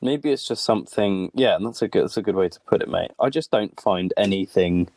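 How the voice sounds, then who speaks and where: A laid-back man co-hosting a casual podcast, slangy and relaxed. His voice sits very low, and the recording is dry and close with no room echo. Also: fairly quick. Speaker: podcast co-host. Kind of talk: casual chat.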